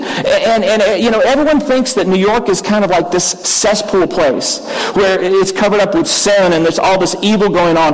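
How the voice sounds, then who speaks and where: Pastor telling a folksy story. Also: male voice, high-pitched, rough recording. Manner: folksy anecdotal storytelling with frequent restarts. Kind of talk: storytelling sermon.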